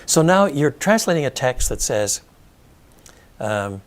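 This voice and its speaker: Older male interviewee, careful explainer, mid-pitched, unhurried with hesitations. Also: big pitch swings. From brought up in French and English. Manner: measured, explanatory, with frequent ums and restarts. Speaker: interviewed theologian. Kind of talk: thoughtful interview answers.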